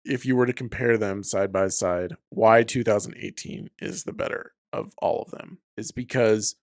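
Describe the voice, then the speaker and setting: A man's voice: lowish voice, fairly even intonation, moderate pace. A man co-hosting a podcast, chatting casually about films, laid-back and swearing as he argues his view. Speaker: podcast co-host. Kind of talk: casual film review chat.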